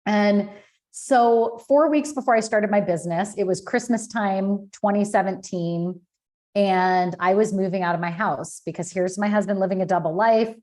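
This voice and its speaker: A woman in her thirties speaks as a podcast guest about her own life. She talks candidly and with feeling, her voice pitched in a middle range. Fillers and restarts come often as she tells it. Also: moderate pace, darkish tone. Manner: candid, emotional storytelling with many fillers. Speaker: podcast guest, business founder. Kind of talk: personal story in an interview.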